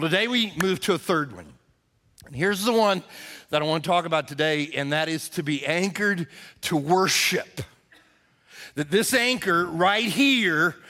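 Bright-voiced, high-pitched male pastor preaching. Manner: emphatic, repeats words when stressing a point. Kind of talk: sermon.

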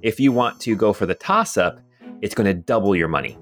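A man running a tabletop game as game master, chatty and relaxed, narrating and explaining rules. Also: on the low side, a little fast, faint music behind. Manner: relaxed, chatty, many fillers.

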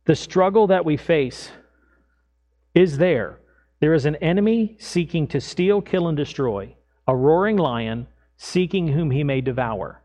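A middle-aged man preaches from the pulpit, his voice sitting a touch high for a man. He tells everyday stories with animated energy, raising his voice as he plays out his own part in them. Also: unhurried. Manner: animated storytelling, acts out his own lines loudly. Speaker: pastor. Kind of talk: sermon with personal stories.

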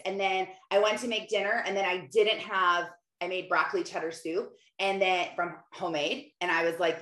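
A woman's voice: on the low side, normal speed, hardly any pauses, echoey room. A woman in her thirties hosting a motivational podcast, talking casually and animatedly and acting out her own thoughts. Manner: chatty, animated, acts out her own inner voice. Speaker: podcast host.

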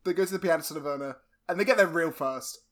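A man's voice: a little high, quick pace, a bit bright. A man recapping a film in casual chat, wry and mocking, often laughing as he talks. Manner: wry, mocking, laughs through his points.

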